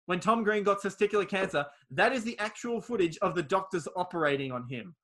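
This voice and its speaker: Bright-voiced man recapping a film. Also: high-pitched, fairly quick. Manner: swears freely, acts out quoted lines. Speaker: podcast co-host. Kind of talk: casual film recap chat.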